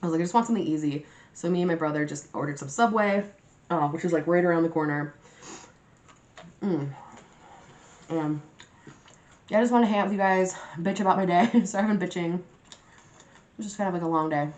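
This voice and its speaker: A young woman vlogger chatting casually to her viewers, telling a story in a lively, animated way and swearing freely. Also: fairly low pitch, a little fast, long pauses. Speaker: mukbang vlogger. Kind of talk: casual storytime chat to camera. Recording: roomy echoey room.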